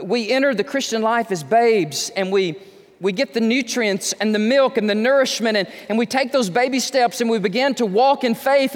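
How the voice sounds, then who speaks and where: A male pastor preaching a sermon, slowing down to stress key words and acting out quoted conversations. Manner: acts out quoted conversations with raised pitch. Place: church sanctuary. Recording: long hall reverb.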